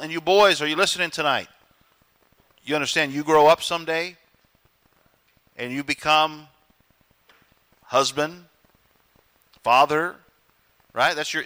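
A man's voice: a little high, sharp tone. A middle-aged man preaching a sermon as pastor, emphatic and conversational, now and then mimicking other people.

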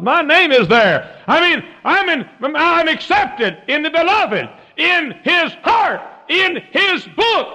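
A male preacher tells folksy stories in a sermon, rising into loud, high, drawn-out exclamations. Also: gravelly. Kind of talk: storytelling sermon. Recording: muffled lo-fi recording in a reverberant hall.

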